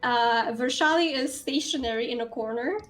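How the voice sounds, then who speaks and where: A woman's voice: on the high side, normal speed, music in the background. A woman running an online tabletop game as dungeon master, narrating with frequent fillers.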